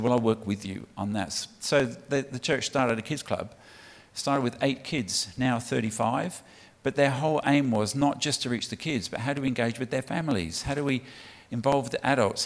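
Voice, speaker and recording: A middle-aged man from England speaking as a guest preacher to a church, chatty, with many ums and restarts. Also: mid-range voice. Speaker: guest speaker for a child sponsorship charity. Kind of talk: sermon talk to a church congregation. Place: church hall. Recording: long reverb of a large hall.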